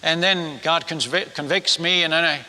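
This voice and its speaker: A missionary preacher telling a self-mocking story in a sermon, animated and full of stammered restarts. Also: male voice, on the high side, normal speed, long reverb tail.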